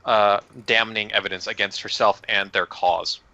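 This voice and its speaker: A man with a bright, forceful voice runs through last session's events for his tabletop group in a loose, joking way, cursing here and there. The sound is dry and a little dull, like a lo-fi recording. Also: fairly low pitch, little pitch movement, moderate pace, no room sound. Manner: loose and joking, with swearing and laughs. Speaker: player recapping the last session. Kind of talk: casual recap of a tabletop game. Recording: dull lo-fi audio.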